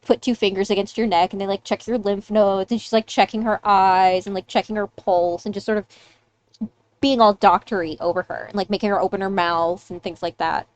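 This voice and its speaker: A woman's voice: mid-range voice, fairly even intonation, a little fast, a little hiss or hum. A woman narrating as game master of a tabletop game, casual with many filler words.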